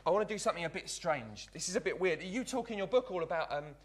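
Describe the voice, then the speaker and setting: A man with a high-sitting, animated voice talks at a quick pace as a cheeky young Victorian apprentice magician. He performs a card trick live, in character, keeping up playful, chatty patter and saying "look" again and again.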